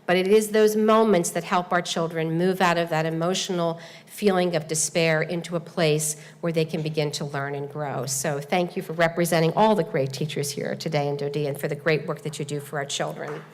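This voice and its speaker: A woman with a lowish voice gives a formal, earnest speech to a seated audience. She tells her story at a measured pace, with pauses and small fillers. Her voice echoes with a long reverb through a large hall. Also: steady tone. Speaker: event host and presenter. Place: large hall at a speaking seminar.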